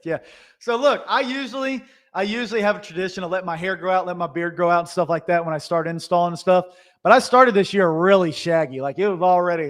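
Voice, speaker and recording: A man who runs a Christmas lighting business, telling stories to viewers in an animated, chatty way. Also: sits high, fast. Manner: animated, chatty, with restarts and asides. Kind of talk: casual storytelling to viewers.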